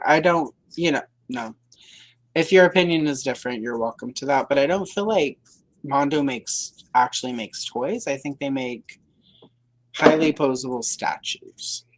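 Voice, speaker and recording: A woman's voice: extremely low pitch, rough recording. A woman hosting a livestream, chatting casually in a rambling, hedging way with dry sarcasm. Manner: rambling, hedging, full of fillers and self-corrections. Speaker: livestream host.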